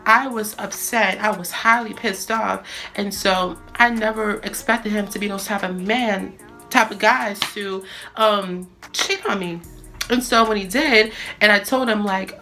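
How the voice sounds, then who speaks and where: A woman's voice: medium pitch, fairly even intonation, unhurried, bright, forceful tone. A young woman from the Boston area telling a story casually, chatty and full of fillers and restarts.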